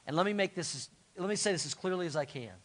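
Animated high-voiced male pastor preaching. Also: fast. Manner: animated, call-and-response with congregation. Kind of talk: sermon.

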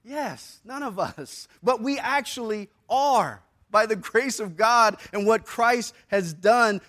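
A man preaching a sermon to a church congregation in a conversational way, using casual slang and swinging between soft and loud passages. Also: sits high. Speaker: pastor. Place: church service before a congregation.

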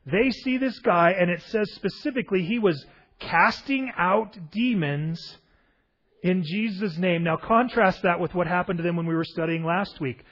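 A pastor preaching a conversational sermon, retelling a gospel scene and often asking rhetorical questions with a light, joking touch. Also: male voice, high voice, normal speed, fairly bright tone, muffled recording.

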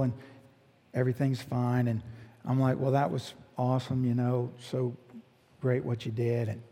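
A middle-aged man, a pastor telling a story in a sermon and acting out the people in it. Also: medium pitch. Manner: animated storyteller, voicing the people in his story. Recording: long hall reverb.

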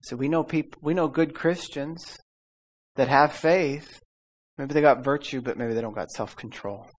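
A man's voice: fairly high pitch, unhurried. A man preaching a casual sermon, calling out for amens and audience repeats, laughing as he tells stories. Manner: laughs often while telling stories. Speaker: pastor. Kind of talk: conversational sermon.

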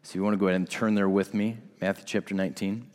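A man's voice: deep voice, level tone, very fast, darkish tone, long reverb tail. A man preaching a sermon in a conversational way, speaking directly to his congregation. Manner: conversational, asks the congregation to respond. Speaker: pastor.

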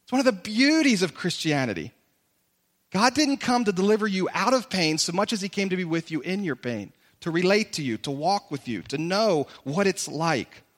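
High-voiced preaching man in a reverberant hall. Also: sing-song, moderate pace, a bit bright. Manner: impassioned preaching, voicing imagined listeners. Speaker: pastor. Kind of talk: sermon. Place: church sanctuary with stage.

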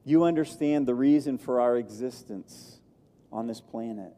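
Man preaching with a dark, warm voice. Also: mid-range voice. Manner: emphatic, repetitive preaching cadence. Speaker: pastor. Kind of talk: sermon. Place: church sanctuary. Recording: long hall reverb.

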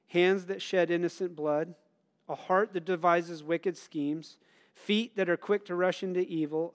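A middle-aged man preaching a conversational sermon, asking the congregation questions and telling personal stories with bursts of loud emphasis. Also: high-pitched, clean tone. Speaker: pastor.

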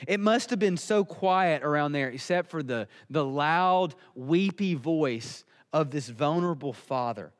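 A man's voice: fairly high pitch, lively intonation, measured pace, few pauses, in a large hall. A man preaching a sermon, earnest and emphatic. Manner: earnest, emphatic, building in intensity.

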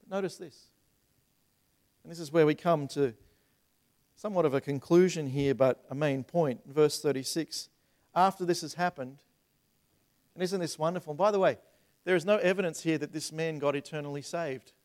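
Animated pastor preaching. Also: male voice, on the high side, normal speed, pauses often. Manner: animated, rhetorical questions, repeats words; acts out voices in retold scenes. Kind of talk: sermon.

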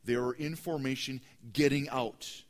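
A man preaching a sermon as pastor, emphatic and repetitive, swinging between loud and hushed delivery. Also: mid-range voice, steady tone, measured pace. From United States.

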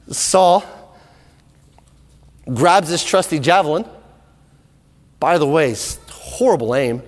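A man preaching a sermon in animated storytelling style, often repeating words, in an echoey hall. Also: fairly high pitch.

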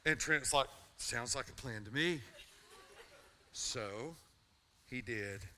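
A man's voice: mid-range voice, slow, pushed and bright, slight background noise. A middle-aged man, a pastor telling a personal story in his sermon and building to a fervent altar call.

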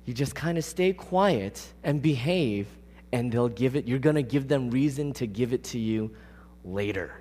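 A preacher quoting a wise old grandpa bear. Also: male voice, mid-range voice, normal speed, breathy edge. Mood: advising. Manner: calm, advising. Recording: long reverb of a large hall.

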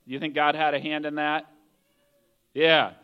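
A man preaching a sermon as pastor, telling the story in a lively way and acting out the voices of the people in it. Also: on the high side, measured pace, clean tone, dull audio. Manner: animated storytelling, acts out voices of characters.

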